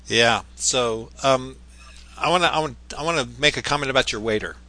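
A man with a bright, sharp-edged voice speaks in a relaxed chat. He sounds thoughtful and halting, often pausing on fillers before making his point. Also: mid-range voice. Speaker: podcast guest. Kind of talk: casual chat.

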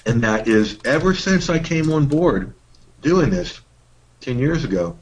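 A man's voice: medium pitch, very animated, a little slow, slightly rough. A middle-aged man co-hosting a workshop, talking in a casual, folksy way with playful emphasis. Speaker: workshop co-host. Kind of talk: casual teaching talk.

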